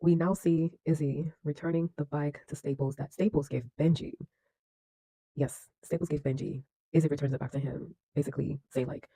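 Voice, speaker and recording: A man's voice: fairly high pitch, level tone, fairly quick, mellow, dry recording, rough recording. A man giving casual film reaction commentary, effusive and slangy, laughing often and restarting his sentences. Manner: enthusiastic, laughs often, many fillers and restarts.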